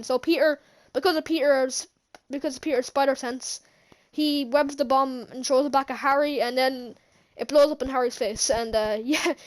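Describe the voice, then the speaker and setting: A woman recapping a movie in a casual, rambling way, laughing often and restarting her sentences. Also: high voice. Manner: rambling, giggly, many restarts. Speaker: movie reviewer.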